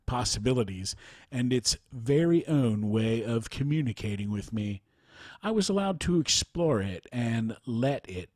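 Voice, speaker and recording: A man's voice: lowish voice, dry recording, clean studio sound. A man hosting a podcast, carefully reading out a listener's account and reading its formatting cues aloud, then commenting thoughtfully with a few fillers. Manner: thoughtful, halting remarks with fillers. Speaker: podcast host.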